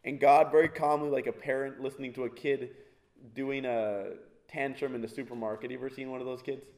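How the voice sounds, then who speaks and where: A man's voice: medium pitch, steady tone, a little fast, darkish tone. A male preacher giving a conversational sermon, asking his congregation rhetorical questions, making jokey asides and often restarting his sentences.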